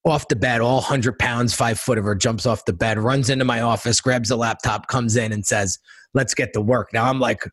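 A middle-aged man telling his life story in a casual interview, animated, acting out quotes and often repeating words. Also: mid-range voice, normal speed, no room sound. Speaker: guest entrepreneur and designer.

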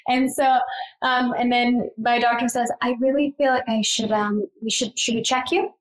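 A woman's voice: moderate pace, low-quality recording. Chatty woman telling a story animatedly. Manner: animated, acts out quoted lines with higher pitch, frequent fillers. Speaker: guest telling her birth story. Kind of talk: casual conversational storytelling.

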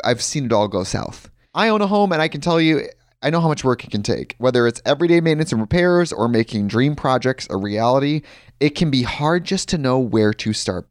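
A man's voice: on the high side, no room sound, clean studio sound. Man casually reading an ad. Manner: chatty, anecdotal. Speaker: ad reader. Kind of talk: casual ad read.

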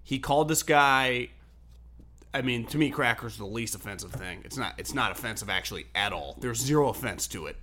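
A man co-hosting a sports talk show, telling stories in an animated, profane way and laughing often. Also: medium pitch, fairly quick, a little hiss or hum. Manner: animated storyteller, swears freely, laughs often. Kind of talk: casual sports debate chat.

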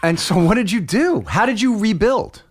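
A man's voice: high-pitched, sing-song, moderate pace. A man hosting an interview, asking questions in a supportive way and often cutting in with short affirmations. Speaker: podcast host. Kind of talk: conversational interviewing.

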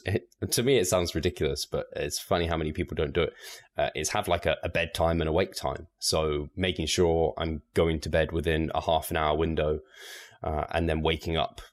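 A man, a guest on a podcast, talking in a relaxed, measured way with light laughs. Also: low voice. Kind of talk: casual podcast interview.

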